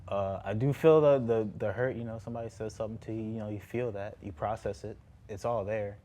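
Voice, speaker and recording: A young man of about twenty, a former Marine guest on a talk show, speaking haltingly with many fillers and restarts. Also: fairly low pitch, flat delivery, warm tone.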